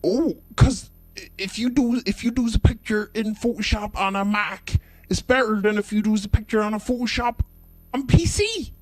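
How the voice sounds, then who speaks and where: A man voicing an excitable male shop customer and father who gushes and insists, using folksy broken grammar. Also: high-pitched, normal speed, no echo, voice pushed up. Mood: gushing, insistent.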